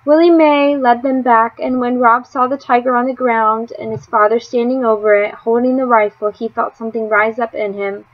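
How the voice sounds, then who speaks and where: A woman reads a storybook aloud in a measured, expressive voice. Her pitch sits high. The recording sounds a bit dull and muffled. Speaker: audiobook reader. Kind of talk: storybook narration.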